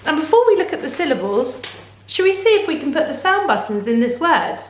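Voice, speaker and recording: A woman teaching phonics to young children in a slow, encouraging, sing-song manner, asking lots of questions. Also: high voice, big pitch swings, reverberant, slight background noise. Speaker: primary school teacher.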